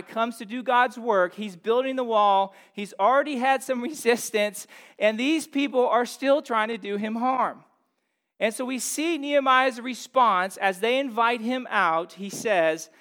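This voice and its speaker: A man in his thirties delivers a sermon in a high-pitched voice. He talks in an easygoing, conversational way, often checking in with the congregation through questions. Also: fairly bright tone. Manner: conversational, asks the room questions. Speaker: pastor.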